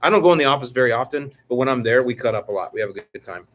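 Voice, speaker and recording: This lawn care channel host, a middle-aged man, talks very fast in a mid-range voice with lively intonation. His casual live-stream chat wanders with jokes and frequent restarts.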